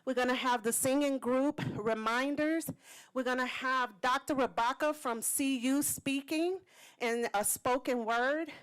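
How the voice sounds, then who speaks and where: Near tears, a woman who organized a community event speaks at a city council's public comment in an emotional speech, thanking members for their support, earnest, heartfelt, and slightly tearful. Her high voice is clear and resonant at a measured pace, though the audio is poor.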